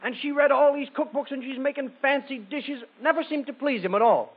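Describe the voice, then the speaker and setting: An animated male comedian telling a joke on a 1940s radio panel, his voice riding quite high. The broadcast sound is thin and tinny. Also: a little fast. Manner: animated storyteller.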